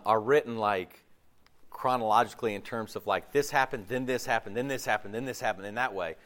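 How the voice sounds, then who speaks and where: Lively, laughing casual preacher man. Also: mid-range voice. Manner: animated, laughs often, jumps into playful voices; loose, self-interrupting, many fillers. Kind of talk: casual conversational sermon.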